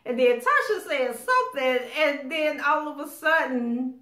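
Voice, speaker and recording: Woman recapping a TV episode, animated storyteller. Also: high voice, measured pace. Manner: animated storytelling that acts out characters' lines. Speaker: TV show recapper. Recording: roomy echo.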